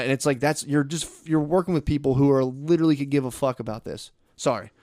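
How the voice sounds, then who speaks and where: A young man talking casually on a podcast, rambling and profane, telling animated stories. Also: medium pitch, fast, hardly any pauses, dry recording, studio quality. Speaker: podcast co-host.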